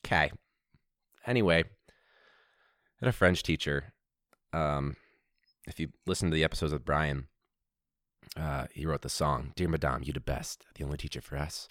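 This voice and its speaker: A man hosting a casual storytelling podcast, rambling and laughing, with sudden incredulous jumps high in his voice. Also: moderate pace, pauses often, fairly bright tone, no room sound, clean studio sound. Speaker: podcast host and teacher. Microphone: podcast microphone.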